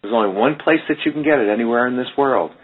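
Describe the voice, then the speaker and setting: Radio host, male, emphatic and preachy, husky, phone-line sound. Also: mid-range voice, fast talker. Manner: emphatic, preachy, addresses listeners directly. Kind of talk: casual radio talk.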